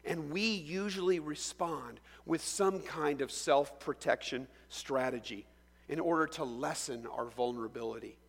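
A man's voice: a little high, creaky, big-room sound. A man pastor preaching a sermon, telling the story with energy and asking many rhetorical questions.

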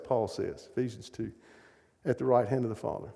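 A middle-aged man preaching a storytelling sermon, animated and acting out the voices of the people in his stories. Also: mid-range voice, a little fast, creaky. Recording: long hall reverb.

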